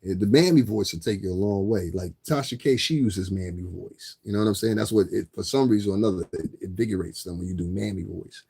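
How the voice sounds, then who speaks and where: A man's voice: sits low, fast, vocal fry, hardly any pauses, mellow, breathy edge. A man livestreaming a casual, rambling, profane rant to viewers, often repeating himself. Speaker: livestreamer asking viewers for donations.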